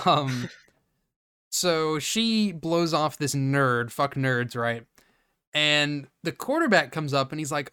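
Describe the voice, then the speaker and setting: Man, podcast co-host, casual movie recap, slightly high voice, bright, swears, does the characters' voices. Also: expressive, slow pace, smooth, no room sound, clean studio sound. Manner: recounts scenes acting out characters, swears often, laughs.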